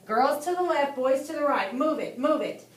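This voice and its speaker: A woman voicing a gruff adult male soldier guard who barks curt orders in an audiobook. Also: high voice, lively intonation, normal speed, voice pushed up. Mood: barking orders. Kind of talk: audiobook character voice. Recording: echoey room, distant mic, faint hiss.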